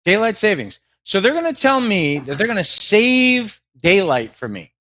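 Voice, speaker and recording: Man, high voice, bright tone, comedy podcast host, mock-angry rants, swearing. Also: big pitch swings, moderate pace. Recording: live show with background music.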